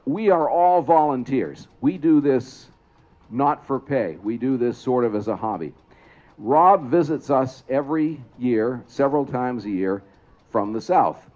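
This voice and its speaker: A man's voice: mid-range voice, animated, measured pace, darkish tone, lo-fi sound. A man announcing a trolley parade to a crowd outdoors, explaining things and asking the audience questions. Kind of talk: public address commentary to a crowd. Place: outdoors at a trolley museum event.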